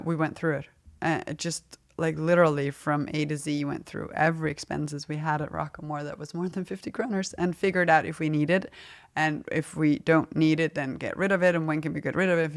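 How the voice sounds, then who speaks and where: Middle-aged woman founder, talks frank and easy, laughs a lot, casual interview chat. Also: low voice. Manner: frank, lively, laughs often. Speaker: fashion brand founder, guest.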